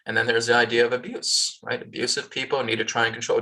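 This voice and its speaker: Gravelly, bright-voiced man teaching on a video call. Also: mid-range voice, steady tone, fast talker, few pauses. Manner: repeats "right?" and "okay?" as checks; acts out worried and pushy people in raised voices. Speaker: spiritual teacher. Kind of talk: guided healing session on a video call. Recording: distant video call audio.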